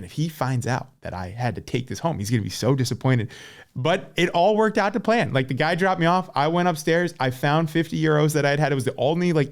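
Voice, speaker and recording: An American man in his forties talks casually as a podcast guest. He tells his stories with lively energy, leans on "like" as a filler, and sits at an everyday middle pitch. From United States. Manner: animated storyteller, many "like" fillers. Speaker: podcast guest, former pro cyclist. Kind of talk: casual chat.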